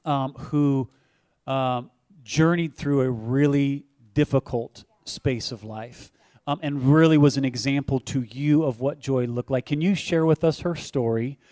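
A man pastor preaching in a relaxed, conversational way, with frequent fillers. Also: mid-range voice, unhurried, no echo. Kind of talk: sermon co-hosting.

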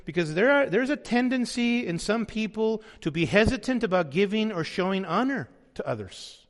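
A man's voice: high voice, expressive, moderate pace, in a large hall. A man preaching a sermon as pastor, earnest, sometimes voicing the people he quotes.

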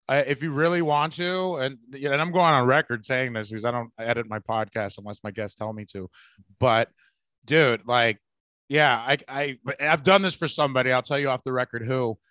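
A Bay Area man hosts a podcast in a fairly high, bright, forceful voice, recorded dry. He chats casually, rambling on, swearing freely, and bursting into laughter.

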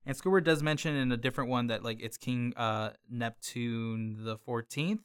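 A man's voice: medium pitch, normal speed, smooth. A man co-hosting a podcast, chatting casually and sharing trivia. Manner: chatty, shares fun facts. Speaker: podcast co-host.

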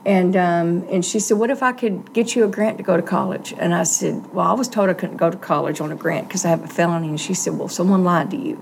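A woman's voice: lowish voice, fast, creaky, few pauses, slight background noise. A middle-aged woman, earnestly telling a personal story in an interview and acting out the voices she quotes.

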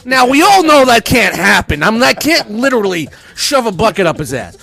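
A man's voice: very high voice, normal speed, creaky, music in the background. A middle-aged man hosting a podcast, telling a rage story full of swearing and acting out both sides of an argument. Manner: animated, swears constantly, acts out quarrels with raised voice. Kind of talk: profane casual storytelling.

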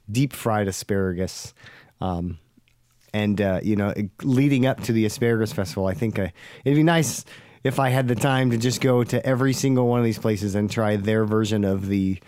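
Man, low mellow voice, dry close sound, relaxed podcast chat with lots of ums. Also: no echo. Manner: easygoing, many ums and restarts. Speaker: podcast co-host. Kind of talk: casual chat.

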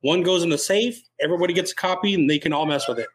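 A man talks fast and crisply in a casual podcast chat, offering practical ideas. His voice sits a little high. He moves quickly from one point to the next. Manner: brisk, practical suggestions.

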